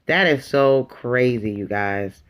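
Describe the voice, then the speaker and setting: A woman's voice: a bass voice, slow, clear, resonant tone. A woman giving a sassy, dramatic casual recap of a reality TV episode. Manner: sassy, dramatic, calls the viewer honey. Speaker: YouTube reviewer.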